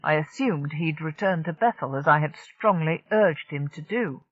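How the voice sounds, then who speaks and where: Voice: mid-range voice, normal speed, no echo, lightly acted. An earnest, grim man of the spaceways, as an audiobook narrator reads him, choosing his words with care. The sound is dry and a little dull, like a lo-fi recording.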